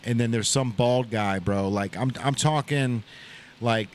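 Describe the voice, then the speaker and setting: A man's voice: medium pitch, a little slow, a little hiss or hum. A man hosting a podcast, telling a long casual story in a rambling way, full of "like" and "bro", recorded in an open shop. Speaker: podcast host. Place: open shop at a riverside shopping center.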